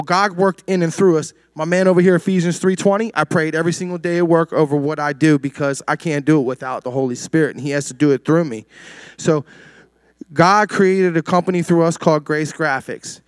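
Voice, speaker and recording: A man's voice: fairly high pitch, fairly even intonation, a little fast, clear, resonant tone, dry recording. A man from Maryland giving an earnest, preacherly testimony at a church service and quoting scripture. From Maryland, USA.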